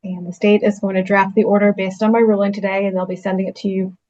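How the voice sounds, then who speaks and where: A woman's voice: mid-range voice, little pitch movement, quick pace, warm tone, muffled recording. A woman judge speaking firmly and in a businesslike way at a court hearing, with frequent fillers. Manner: firm, businesslike, hesitant fillers.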